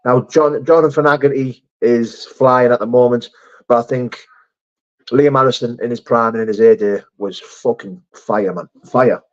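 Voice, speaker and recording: Man, live-stream host, casual, reads comments out, swears, mid pitch, slightly muffled lo-fi audio. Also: normal speed. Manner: reads viewer comments aloud and answers them, swearing freely. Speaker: livestream host.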